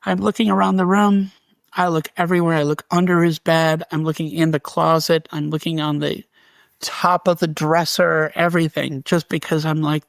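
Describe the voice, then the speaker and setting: A man, a guest on an interview show, telling a story in an animated way and acting out what was said. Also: on the high side, moderate pace, creaky, no echo. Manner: animated, restarts and reenacts dialogue. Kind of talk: storytelling in conversation.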